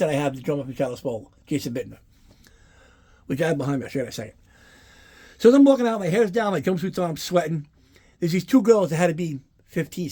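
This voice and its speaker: A man tells rambling, profane stories while giving a casual tour of his collection. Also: on the high side. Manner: rambling, profane, animated anecdotes. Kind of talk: casual storytelling to camera.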